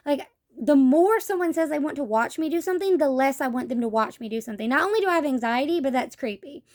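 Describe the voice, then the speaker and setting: A woman's voice: sits high, lively intonation, fairly quick. A young woman telling a story in a casual vlog, blunt and profane, acting out what people said to her. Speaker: vlogger.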